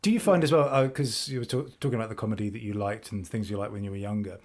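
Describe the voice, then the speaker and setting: A man co-hosting a podcast over a video call, chatting in a relaxed, rambling way with many fillers. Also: on the low side, fast talker. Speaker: podcast co-host. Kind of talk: casual chat.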